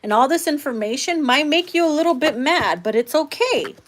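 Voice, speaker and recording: A woman's voice: high-pitched, lively intonation, moderate pace. A woman giving a casual live tarot reading, talking bluntly and swearing freely. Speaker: tarot reader.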